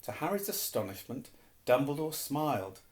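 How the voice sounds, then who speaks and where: A man reading a novel aloud as an audiobook, steady and unhurried. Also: medium pitch. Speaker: reader. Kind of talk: audiobook narration. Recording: roomy echo.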